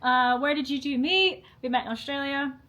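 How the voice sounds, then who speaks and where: A woman's voice: high-pitched, moderate pace, fairly bright tone. A woman co-hosting a casual Q&A chat, reading out viewer questions in a bubbly, giggly way.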